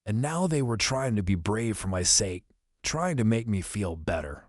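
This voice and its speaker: A man narrating an audiobook in the first person, in a steady, descriptive storytelling manner. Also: lowish voice, moderate pace, dry recording, studio quality.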